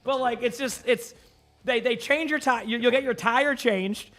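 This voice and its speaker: A young man from Massachusetts, a streamer chatting casually with his viewers, rambling and animated, full of fillers. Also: extremely high pitch, normal speed. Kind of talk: casual chat with live chat.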